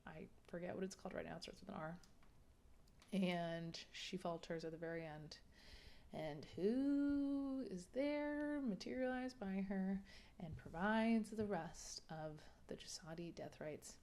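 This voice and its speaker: A woman's voice: medium pitch, takes it slowly, darkish tone, slight background noise. A young adult woman giving a casual, exasperated book review rant. She swears freely and drops into a whisper for emphasis.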